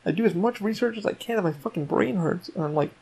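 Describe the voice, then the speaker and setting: A man hosting his own podcast, rambling excitedly and swearing often, with many restarts. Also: high voice, fast talker, creaky, husky. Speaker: podcast host. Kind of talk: casual solo podcast rant.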